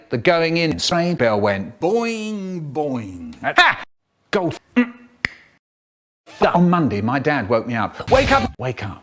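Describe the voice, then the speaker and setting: A man telling a rambling, absurd comic story in a deadpan voice that breaks into sudden silly outbursts. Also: fairly high pitch. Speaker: comedic storyteller.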